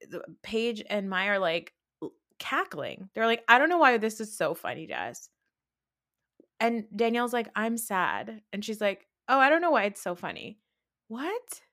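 A woman hosting a podcast, recapping reality TV in a casual, indignant rant full of "like" and rhetorical questions. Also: mid-range voice. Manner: indignant, animated ranting with frequent "like". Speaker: podcast host.

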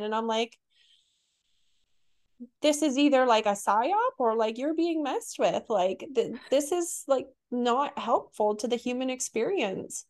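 A woman speaking as a guest on a casual podcast, candid and a little wry, with plenty of "like" and "you know." Her voice sits on the higher side, and her tone is relaxed and conversational. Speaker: guest, psychic medium.

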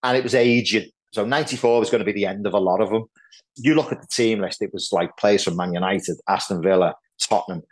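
A middle-aged man, telling lively football anecdotes as a podcast guest, peppered with "like" and "right". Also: lowish voice, fast talker. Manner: animated anecdotes, lots of "like" and "right". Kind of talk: casual storytelling chat.

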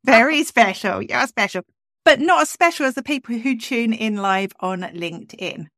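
A woman's voice: a little high, animated, moderate pace, a bit bright, no room sound, studio quality. A woman hosting a podcast, chatting in an upbeat way with lots of asides. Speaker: podcast host. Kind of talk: casual chat.

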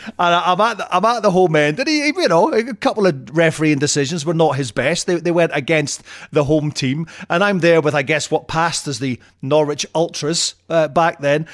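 A man on a podcast telling football anecdotes in a chatty, laughing way, often restarting his sentences. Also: a little high. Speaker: podcast guest. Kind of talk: casual chat. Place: home in Canada.

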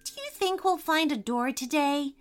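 Storybook girl, high and bouncy, full of wonder as a woman reads her. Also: very animated, a little slow, a bit bright, soft background music, heavily acted. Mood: eager. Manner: eager, breathless wonder. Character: hopeful excited young girl exploring.

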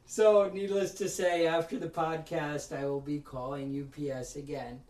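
A man with a high voice tells a story in a worked-up, ranting way, putting on the voices of the people in it. He sits back from the mic in a roomy space, so the sound carries some echo. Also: little pitch movement, moderate pace, darkish tone, distant mic. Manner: ranting storyteller, acts out other people's lines. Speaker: podcast host. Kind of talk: casual podcast chat.

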